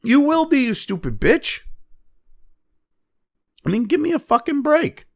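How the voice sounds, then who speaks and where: In an unhurried but very animated way, a political commentary host in his fifties rants with fury and mockery, cursing heavily as he lays out his opinions. His voice is extremely high-pitched.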